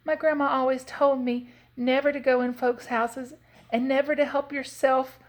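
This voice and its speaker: A woman's voice: high voice, level tone, moderate pace, voice pushed up, close to an everyday voice. Woman doing a frightened little girl. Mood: stammering. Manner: stammering, pleading.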